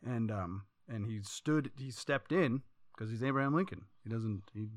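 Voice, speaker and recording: A man's voice: medium pitch, moderate pace, dry recording, clean studio sound. A man co-hosting a podcast, telling stories in a rambling, profane, casual way. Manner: profane, rambling, animated storytelling. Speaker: podcast co-host. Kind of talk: casual chat.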